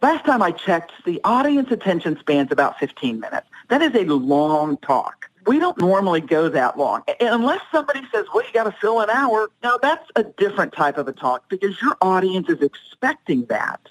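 A middle-aged woman talks as a podcast guest, handing out speaking advice in an emphatic, teacherly way. Her pitch leaps up and down with lively, animated expression. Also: normal speed, hardly any pauses, low-quality recording. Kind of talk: podcast interview, advice talk.

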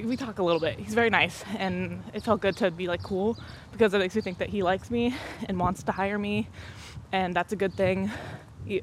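Rambling young woman, noisy recording. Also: medium pitch. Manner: rambling, fast, swears casually, laughs often. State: a bit out of breath. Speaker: podcast host. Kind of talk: casual chat.

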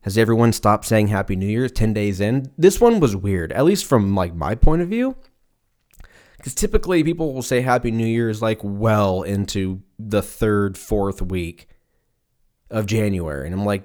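A man's voice: on the low side, lively intonation, normal speed, a little mellow. A young man in his twenties hosting a solo comedy podcast, rambling through profane tangents. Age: 20s. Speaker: podcast host.

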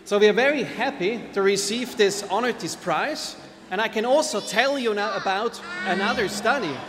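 A man giving a measured acceptance speech explaining a medical study. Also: high-pitched. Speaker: researcher giving prize speech. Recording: echoey hall with faint music.

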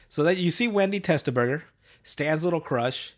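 A fairly high-voiced man recapping a show in a loose podcast chat. He swears freely, rambles and often breaks into laughter. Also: animated, moderate pace, fairly bright tone. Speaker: podcast host. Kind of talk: casual episode recap.

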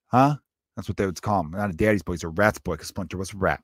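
A man's voice: deep voice, fast talker, dry recording, clean studio sound. A man in his thirties hosting a comedy podcast, telling a loose, profane, jokey story.

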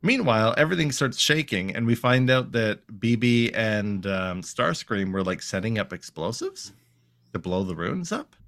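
Recapping a cartoon episode on a podcast he co-hosts, this man talks at a moderate speed in a lowish register. The tone stays casual and playful, with jokes and goofy voices for the characters' lines.

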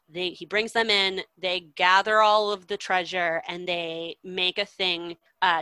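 A woman casually retelling an old poem, animated and full of swearing, acting out the characters' lines as she goes. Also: fairly low pitch, clean tone, no room sound, poor audio. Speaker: storyteller.

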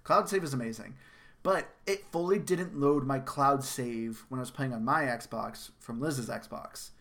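A man hosting a casual game-review chat, animated, laughing often and acting out quotes. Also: medium pitch, unhurried, vocal fry. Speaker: podcast host.

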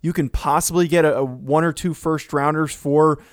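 A man co-hosting a sports podcast who lays out his case in a measured way and keeps the talk on track. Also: on the high side, fairly even intonation, no room sound, studio quality. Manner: measured, steers the talk, restarts often. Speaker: podcast co-host.

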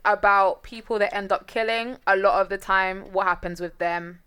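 A woman's voice: mid-range voice, fairly even intonation, moderate pace, sharp tone, clear, resonant tone. Laughing, blunt young woman. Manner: laughs often, blunt and swearing. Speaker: podcast co-host. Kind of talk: casual true-crime chat.

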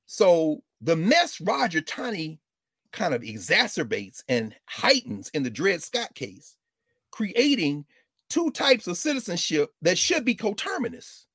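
A man giving an animated lecture with comic asides, jokey and quick to slip into mock voices. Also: sits high, husky, no room sound, clean studio sound.

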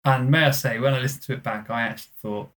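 A man's voice: medium pitch, fairly even intonation, fast, a crowd in the background. Jokey man in podcast banter. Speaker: podcast co-host. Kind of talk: casual podcast chat.

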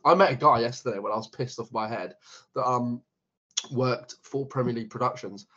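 Young man, husky casual podcast chat. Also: medium pitch, fairly quick, sharp tone, muffled recording. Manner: chatty, swears freely, laughs often. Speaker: podcast co-host.

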